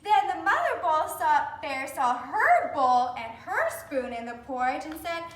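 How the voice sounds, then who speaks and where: Woman storyteller for kids, very high and lively voice, somewhat distant from the mic. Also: a little slow, a little hiss or hum. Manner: animated, speaking to children. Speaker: children's storyteller. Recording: roomy, from a distance.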